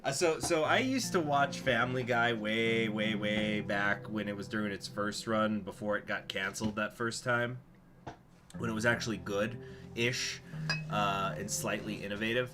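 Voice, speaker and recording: A man's voice: on the low side, fairly even intonation, moderate pace. A man casually reading game text aloud and chatting, self-deprecating, with guitar music playing behind. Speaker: streamer playing a political game.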